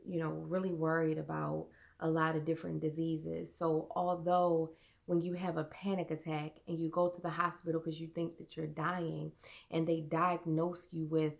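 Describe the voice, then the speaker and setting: A young adult woman vlogger earnestly telling a personal story, halting and full of fillers. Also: low voice, flat delivery, vocal fry.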